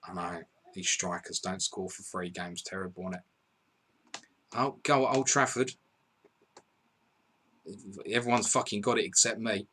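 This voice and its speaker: A man hosting a live fantasy football stream, excitedly reading out scores and viewer messages, swearing and laughing as he goes. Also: low voice, unhurried, pauses often, slightly rough. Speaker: podcast host.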